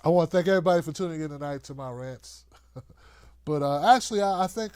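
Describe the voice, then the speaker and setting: High-ish voiced guy doing a mocking political rant, laughing and putting on voices, dry close sound. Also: normal speed, pauses often, clear, resonant tone, no room sound. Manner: animated, mocking, acts out quoted voices, laughs often. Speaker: political commentary host. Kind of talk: loose rant to camera.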